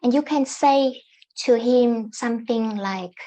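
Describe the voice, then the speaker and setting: A woman life coach giving calm, gently instructive self-help advice to camera, often repeating her points. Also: a little high, takes it slowly.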